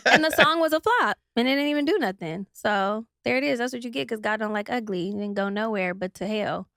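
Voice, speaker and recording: A young woman tells her side of a story to an interviewer, animated and blunt, cursing freely. Her voice sits on the higher side. The sound is close and dry, with no room echo. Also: brisk. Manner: animated, acts out others' voices, swears freely. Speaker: guest.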